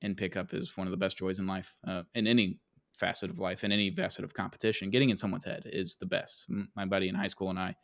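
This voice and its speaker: A man's voice: sits low, little pitch movement, fairly bright tone. A young man hosting a casual sports podcast, upbeat and full of fillers. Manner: upbeat, quick sponsor reads with filler words. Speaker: podcast host.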